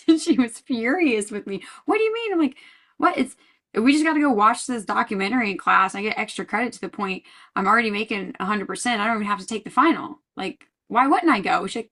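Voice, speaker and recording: Podcast host, woman, bright and chatty, quick to laugh. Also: medium pitch. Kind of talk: casual chat.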